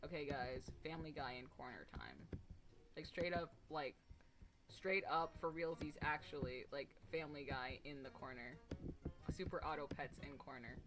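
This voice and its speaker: A woman's voice: sits low, moderate pace. A woman streamer chatting casually to her viewers, rambling and emphatic, with casual swearing. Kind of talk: casual live stream chat.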